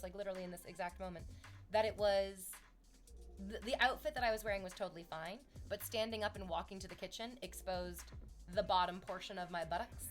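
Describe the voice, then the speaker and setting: A woman streamer chatting casually and playfully with her viewers, swearing now and then. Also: medium pitch. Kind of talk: casual livestream chat.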